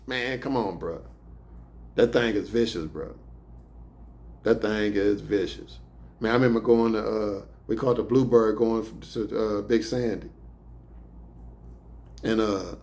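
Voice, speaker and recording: A man's voice: mid-range voice, darkish tone. Man telling prison stories in slang. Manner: loose, profane, streetwise slang. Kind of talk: casual storytelling.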